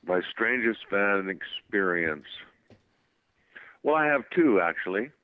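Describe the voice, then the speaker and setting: A man being interviewed as a guest actor, telling anecdotes in a casual, animated way. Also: on the low side, slow pace, no echo. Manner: animated anecdotes with voiced quotes and laughs. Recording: tinny phone line.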